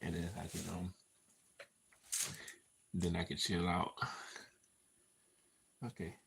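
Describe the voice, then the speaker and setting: A man with a deep, gravelly voice that sits low and rough in the throat. He drawls unhurriedly through a loose, half-read monologue, slipping into teasing asides and repeating words as his attention wanders. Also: flat delivery, slow pace, a bit bright, poor audio. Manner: distracted, restarting and repeating himself with loose laughter; playful, teasing asides to himself. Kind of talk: casual rambling monologue, half reading a script.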